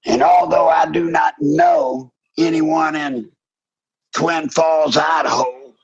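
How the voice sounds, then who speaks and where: An older man with a gravelly, husky voice hosts a call-in radio show, slow and deliberate but fiery and preachy, climbing into shouts. The sound is dull and lo-fi. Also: fairly high pitch, lively intonation. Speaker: radio talk show host. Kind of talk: impassioned call-in radio talk. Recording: dull lo-fi broadcast audio.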